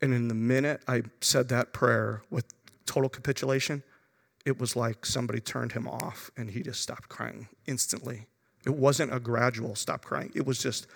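A middle-aged man preaching a sermon, telling a personal story and moving between hushed, reverent passages and urgent, raised ones. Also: mid-range voice, gravelly, slightly rough. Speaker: pastor. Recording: long reverb of a large hall.

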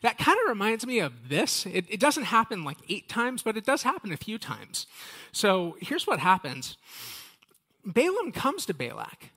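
A man's voice: high voice, huge pitch swings, moderate pace, bright, forceful tone. A man teaching a casual Bible study, talking straight to his listeners in a chatty, conversational way.

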